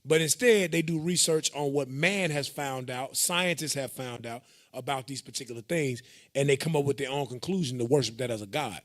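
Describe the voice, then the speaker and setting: A man's voice: mid-range voice, brisk, a bit bright. A man casually teaching scripture to a class, explaining verses with loose, joking asides.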